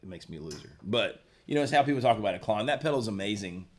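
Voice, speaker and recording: Male stream co-host, low voice, relaxed rambling gear talk. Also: fast. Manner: relaxed, rambling, lots of fillers and restarts. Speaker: co-host of a guitar shop live stream. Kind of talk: casual chat, reading viewer comments.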